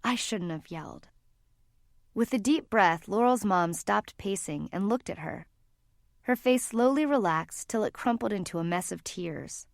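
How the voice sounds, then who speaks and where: Calm woman reading an audiobook. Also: medium pitch, vocal fry, no echo, studio quality. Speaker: audiobook narrator. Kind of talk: scripted narration.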